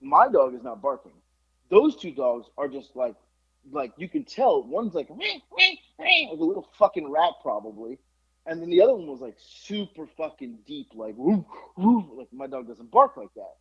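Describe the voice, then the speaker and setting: A middle-aged man hosting a podcast, telling a story in casual chat, animated and profane with lots of fillers. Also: fairly high pitch, moderate pace, husky. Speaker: podcast host. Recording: dull lo-fi podcast recording.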